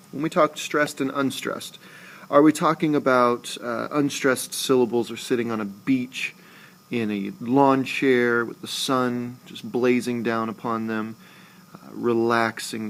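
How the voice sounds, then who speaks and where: A man teaching a recorded lesson, talking slowly and deliberately and saying example words aloud more than once. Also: medium pitch, level tone, gravelly. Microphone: screencast voice-over.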